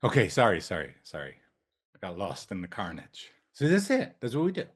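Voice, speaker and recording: A man's voice: on the low side, wildly swooping pitch, brisk, slightly rough. A male couples therapist talks trainees through his approach in a loose, casual way. He jokes, swears and drifts into tangents. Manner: loose, jokey, profane, tangents.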